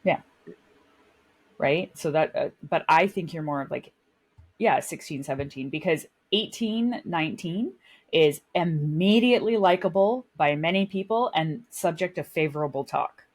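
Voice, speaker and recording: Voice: medium pitch, normal speed. A podcast co-host in casual chat, rambling and self-mocking, laughing often.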